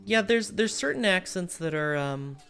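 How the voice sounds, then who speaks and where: Her voice is on the low side yet animated and fairly bright, clean in tone and at a moderate pace. She is an American streamer with a General American accent, playing a strategy game and thinking aloud in a casual, thoughtful, digressive manner.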